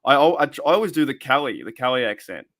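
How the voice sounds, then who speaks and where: A man's voice: medium pitch, sing-song, fast talker, a bit bright. A man hosting a casual sports podcast, rambling and often repeating his words. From Australia. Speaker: podcast host.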